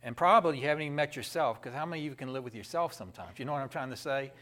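A man preaching a sermon in a lively, conversational way, with asides to the congregation. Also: medium pitch, very fast.

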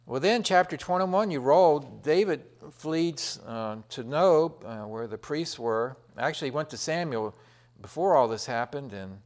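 A man's voice: on the high side, expressive, a little slow. A middle-aged man preaching a sermon, retelling a Bible story in a folksy, rambling way with many fillers and restarts.

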